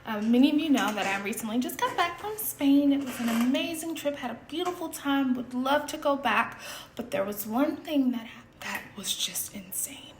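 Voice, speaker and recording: A woman's voice: high-pitched, normal speed, roomy sound, a little hiss or hum. A woman in her thirties from the United States, casually telling a story to her viewers and acting out her own panicked moments. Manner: animated, breathless retelling, acts out her own panicked shouts.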